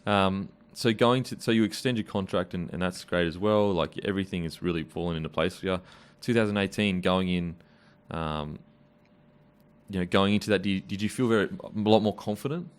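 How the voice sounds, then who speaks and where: Aussie podcast host, really low voice, laid back, just asking questions. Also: male voice, smooth. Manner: relaxed, unhurried, prompting questions. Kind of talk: casual interview.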